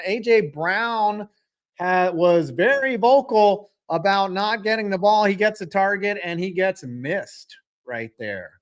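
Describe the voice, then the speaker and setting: Excitable man streaming a live game reaction. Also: high-pitched, measured pace. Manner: excitable, joking, reads chat aloud.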